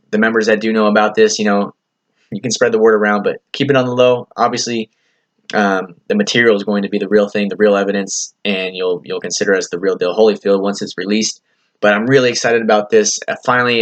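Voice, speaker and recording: A man's voice: fairly low pitch, a bit bright. A man hosting his own podcast, talking in an earnest, rambling motivational way, full of "you know" fillers and casual swearing. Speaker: podcast host. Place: lives in California.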